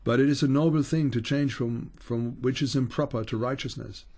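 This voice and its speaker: A steadfast old bishop, read aloud by a man in his everyday voice, makes firm, measured declarations. He is calm and unyielding under threat. The voice sits at a middle pitch for a man. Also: slightly rough.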